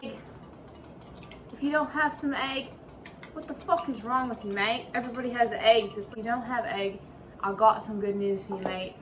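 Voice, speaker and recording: A woman's voice: medium pitch, fairly even intonation, brisk. A woman hosting a casual home cooking video in her kitchen, talking in playful, profane mock-chef banter. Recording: noisy room ambience.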